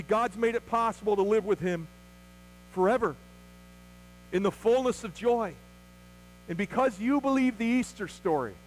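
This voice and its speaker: High-voiced preaching man. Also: slight background noise, poor audio. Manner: earnest preaching, rhetorical questions, acted-out quotes. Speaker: pastor. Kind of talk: Easter sermon.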